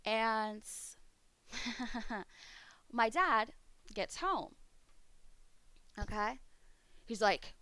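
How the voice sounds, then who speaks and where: A woman's voice: a little high, very slow, long pauses, sharp tone, clean tone, dry recording. A woman streamer chatting casually, swearing freely as she rants. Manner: profane, ranting. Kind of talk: casual chat. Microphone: streaming mic.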